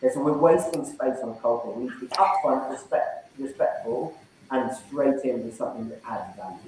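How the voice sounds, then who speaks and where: A man's voice: medium pitch, fairly quick, darkish tone, distant mic. A man running an online sales training session, coaching and acting out phone call openers. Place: room, online event. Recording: very echoey room.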